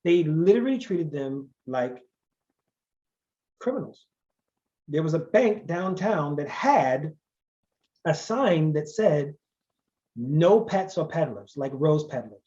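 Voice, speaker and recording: A man's voice: fairly high pitch, expressive, slow pace, long pauses, dark tone, dull audio. Emphatic man lecturing. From Charleston, South Carolina. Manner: emphatic, conversational, wry asides. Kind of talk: guest lecture.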